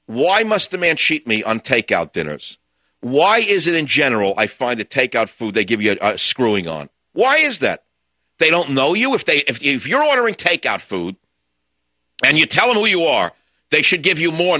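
Sarcastic male radio host, animated swooping delivery, bright sharp tone, dry close mic, dull lo-fi broadcast. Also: mid-range voice, normal speed, dry recording. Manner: ranting, sarcastic. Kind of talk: talk radio monologue.

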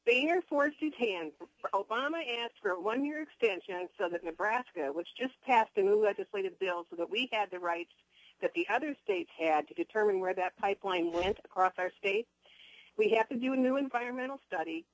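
A woman's voice: mid-range voice, brisk, no echo, low-quality recording. A woman calling in to a talk radio show, earnestly arguing her political point. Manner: earnest, argumentative. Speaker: caller.

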